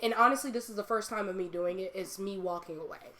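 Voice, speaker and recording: A woman talking casually and candidly as a live streamer, telling animated personal stories and laughing often. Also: mid-range voice, fast talker. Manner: candid and confiding.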